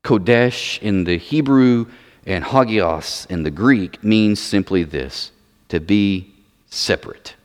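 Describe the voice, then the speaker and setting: A man's voice: lowish voice, slow pace. A man preaching a sermon, emphatic, repeating words for stress. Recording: long reverb of a large hall.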